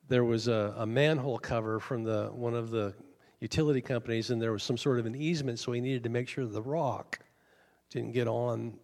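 A man's voice: mid-range voice, darkish tone, in a large hall. A male pastor preaching a sermon, telling a story in a casual, conversational way.

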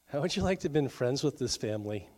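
A middle-aged man preaching a sermon at a middle pitch. He talks in an easy, conversational way, drops in joking asides, and briefly acts out the voices he quotes. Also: animated, fast, a little mellow. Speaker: pastor.

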